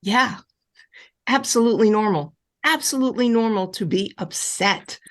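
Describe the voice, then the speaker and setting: This woman is a relationship coach fielding audience questions in a live online advice session. At a moderate pace, she sounds animated and insistent yet soothing, her pitch jumping up and down for emphasis as she repeats key reassuring lines.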